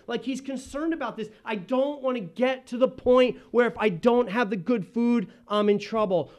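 A man delivering a sermon, moving between quick asides and slow, loud, emphatic lines. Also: very high voice. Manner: impassioned preaching with sudden loud and slow emphatic phrases. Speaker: pastor.

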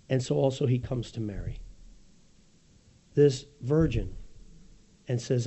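Raspy-voiced pastor preaching, mellow tone. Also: male voice, slow. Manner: animated preaching with wide swings in pitch and loudness; jokes at his own slips, laughs easily. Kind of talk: sermon.

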